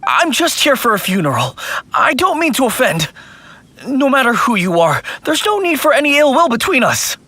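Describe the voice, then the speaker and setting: A jumpy young undertaker. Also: male voice, very high-pitched, wildly swooping pitch, moderate pace, sharp tone, breathy edge, dry recording, heavily acted. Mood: timid. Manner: jittery, pleading, yelps in fright. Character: timid young male undertaker, jumpy and fearful. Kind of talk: video game voice acting.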